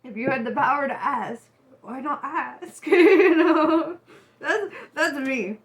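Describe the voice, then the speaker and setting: A woman giving a casual tarot reading to her viewers, chatty and animated, who laughs often and swears freely. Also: high voice, unhurried. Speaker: tarot reader.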